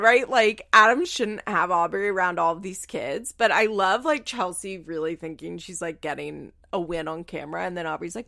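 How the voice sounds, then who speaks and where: A woman's voice: lowish voice, normal speed, vocal fry, few pauses, sharp tone, no room sound, clean studio sound. A woman recapping a reality show in casual, incredulous commentary, swearing freely.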